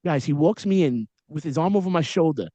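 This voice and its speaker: High-voiced man, slangy podcast host. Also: expressive, fairly quick, dark tone, dry recording. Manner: storytelling with frequent slang and asides. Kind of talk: casual interview chat.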